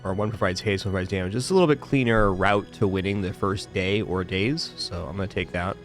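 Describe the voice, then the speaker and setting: A man with a somewhat low voice gives casual gameplay commentary as he streams. He thinks out loud as he weighs each choice, while faint game music plays behind him. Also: fairly quick.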